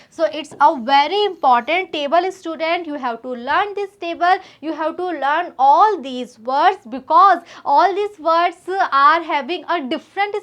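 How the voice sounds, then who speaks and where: High-voiced Indian woman teaching grammar. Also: a bit bright. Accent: Indian English. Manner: patient explaining, repeats "student" and "we are having". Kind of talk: grammar lesson.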